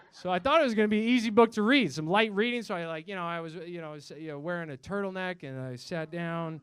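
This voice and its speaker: A man's voice: high-pitched, expressive, fast talker, few pauses, a bit bright, smooth. A young man performing a self-mocking stand-up set in a comedy club, swearing and acting out voices.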